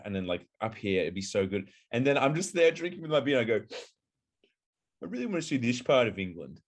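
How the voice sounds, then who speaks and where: Rambling, laughing young man. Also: mid-range voice. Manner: rambling storyteller, laughs often, stalls with repeated fillers. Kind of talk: casual chat.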